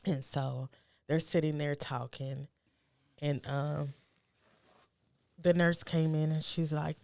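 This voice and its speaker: Her voice is low, creaky and fairly level in pitch as this middle-aged guest shares a personal story. She's soft, halting and reflective, then becomes urgent when giving advice.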